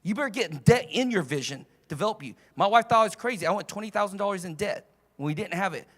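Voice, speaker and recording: A man giving a motivational seminar as a coach, fiery and loud, shouting and swearing to rouse his audience. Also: sits high. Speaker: coach and trainer. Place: live seminar in front of an audience.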